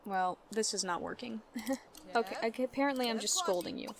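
A woman's voice: a little high, fairly quick, vocal fry, crowd noise. Chatty young woman narrating her gameplay. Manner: chatty, talks to her game characters, laughs often. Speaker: let's play gamer. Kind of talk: casual gameplay commentary.

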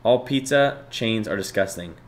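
A young man streaming from home, chatting loosely and swearing casually with his viewers. His voice sits on the low side, and faint background noise runs under the desk-mic sound. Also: lively intonation, moderate pace. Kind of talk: casual livestream chat reading out chat.

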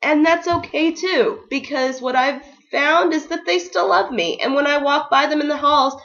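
A woman's voice: high-pitched, normal speed, fairly bright tone. Chatty young teacher lady vlogging advice, upbeat, kinda muffled audio. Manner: chatty, upbeat, many ums and likes. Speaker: ESL kindergarten teacher. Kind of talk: casual advice vlog.

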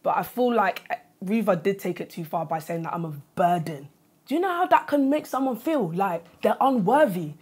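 A woman, talking emotionally and close to tears in a reality show chat, halting and full of slang. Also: medium pitch, expressive, darkish tone. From England. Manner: tearful, halting, uses London slang. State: close to crying. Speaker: reality show cast member.

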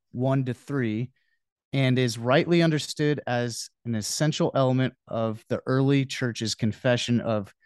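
A man's voice: mid-range voice, a little mellow, no echo. A man co-hosts a podcast in a casual, friendly manner. His voice is recorded dry, with no room sound. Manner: casual, reading quotes aloud. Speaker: podcast co-host. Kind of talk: casual interview chat.

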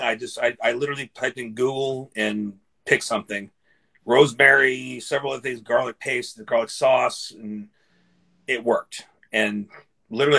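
A man's voice: medium pitch, vocal fry, fairly bright tone, slightly rough. A middle-aged man, a barbecue guest, telling loose stories in a casual live chat, swearing and laughing as he goes.

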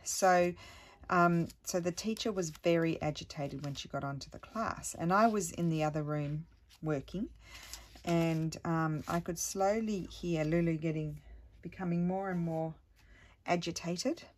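A middle-aged woman chatting at home as a crafting vlogger, telling a rambling story with many restarts and sometimes dropping to a hushed voice. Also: lowish voice, unhurried. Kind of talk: casual chat while crafting.

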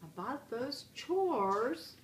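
A woman's voice: a little high, very animated, very slow, exaggerated voice. A woman reading aloud as an eager young boy bear cub in a picture book, in a roomy recording with faint hiss.

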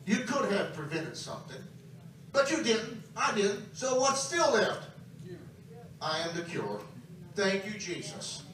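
A man's voice: sits high, big pitch swings, unhurried, pauses often, fairly bright tone, slight background noise. A man preaching a camp meeting sermon, emphatic and calling out to his congregation. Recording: very echoey hall, distant mic.

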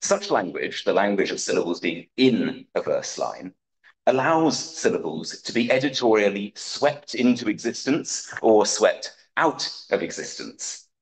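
A man giving a conference talk, reading an academic paper aloud in a measured, precise way with dry wit. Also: on the low side, very animated, vocal fry, poor audio. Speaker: conference speaker.

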